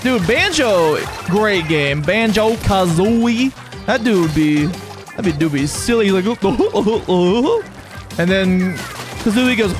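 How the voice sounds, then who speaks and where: Excitable streamer with a very lively voice. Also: medium pitch, takes it slowly. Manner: excitable, chatty, talks to viewers in chat. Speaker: game streamer. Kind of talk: live-stream gameplay commentary. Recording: game music playing behind the voice.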